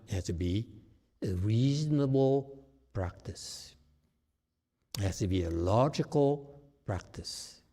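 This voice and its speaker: A male meditation teacher giving a dharma talk, emphatic and often checking with his listeners whether his point is clear. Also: low voice, mellow.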